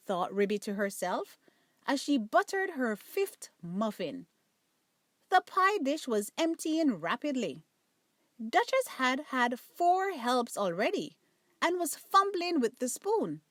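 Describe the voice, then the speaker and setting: Slow, expressive woman reading a bedtime story. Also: high-pitched, no echo, clean studio sound. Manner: gentle, expressive read-aloud.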